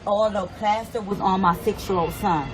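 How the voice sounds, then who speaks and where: A woman's voice: medium pitch, fairly even intonation, normal speed, rough recording. Lady telling what happened at her house, worked up, keeps repeating, music going behind. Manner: agitated, repetitive retelling. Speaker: resident telling of a shooting. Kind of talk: casual storytelling.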